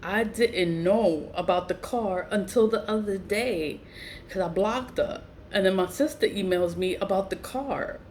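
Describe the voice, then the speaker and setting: A woman, telling a family story to her viewers in a blunt, animated way and swearing freely. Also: measured pace, slight background noise. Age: 40s. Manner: animated, blunt, swears freely, voice jumps high when incredulous. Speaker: vlogger. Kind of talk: casual storytelling to camera.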